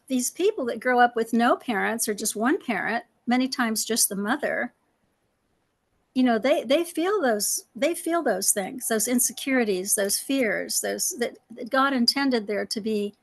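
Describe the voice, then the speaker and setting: A woman's voice: a little high, gravelly. A middle-aged woman, a panel guest, speaking earnestly and personally, with many fillers and retold dialogue. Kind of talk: personal reflective talk.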